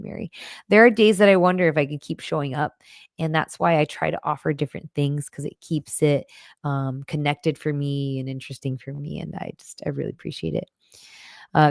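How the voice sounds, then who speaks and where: Low, gravelly woman chatting on a livestream. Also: no echo, studio quality. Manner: warm, chatty, emotional at times. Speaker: livestream host and cancer coach. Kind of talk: casual livestream chat reading comments. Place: home in Arizona.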